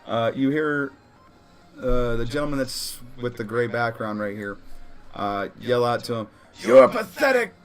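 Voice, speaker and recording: A man's voice: mid-range voice, little pitch movement, measured pace, smooth, soft background music. A man running a tabletop role-playing session as game master, casual and laughing, often correcting himself.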